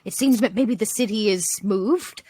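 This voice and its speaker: A woman voicing a soft-spoken, wary adventurer who reports grim findings in a hushed, low, grave tone. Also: moderate pace, slightly rough, no echo, close to an everyday voice.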